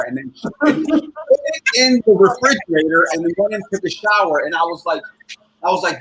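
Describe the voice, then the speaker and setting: A man's voice: high voice, brisk, fairly bright tone, breathy edge, poor audio. A man doing a rambling, profane stand-up set over a video call, often laughing at his own jokes. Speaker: stand-up comedian. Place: at home in front of a computer. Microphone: computer microphone on a video call.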